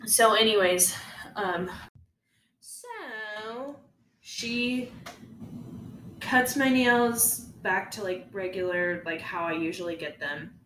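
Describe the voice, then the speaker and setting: A woman's voice: mid-range voice, slow, long pauses. A young woman co-hosting a podcast, telling a story in a casual, chatty way with lots of "like". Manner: chatty, lots of "like", animated retelling. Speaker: podcast co-host. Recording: echoey room, faint noise.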